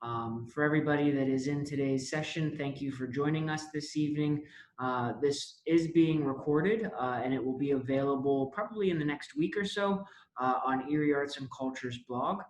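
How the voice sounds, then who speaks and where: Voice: medium pitch, normal speed, a little hiss or hum. A webinar host moderates the session over a video call, polite and announcing, with many small fillers between phrases. The voice sits in an echoey room.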